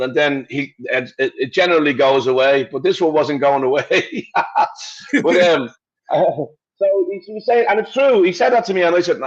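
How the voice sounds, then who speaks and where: A man's voice: on the high side, dull audio. A man, a band member guest, answering wryly and teasing his bandmate in an interview. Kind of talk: interview conversation.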